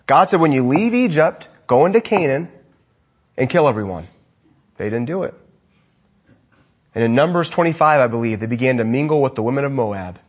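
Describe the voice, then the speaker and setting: Husky, animated preacher man. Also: mid-range voice, normal speed, long pauses. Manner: animated preaching, swinging from loud emphasis to quiet asides. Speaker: pastor. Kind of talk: sermon.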